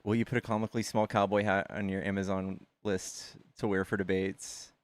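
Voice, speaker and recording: A man hosting a livestream, chatting casually with his viewers in quick asides and calling them "dude" and "guys". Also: sits low, level tone, no room sound. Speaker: livestream host. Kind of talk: casual chat with callers and chat.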